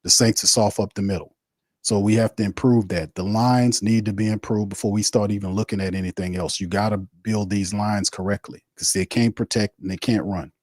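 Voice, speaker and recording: Low-voiced ranting sports host. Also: male voice, fairly even intonation, a little fast, darkish tone, dry recording, clean studio sound. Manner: blunt, ranting, repetitive. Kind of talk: live watch party commentary.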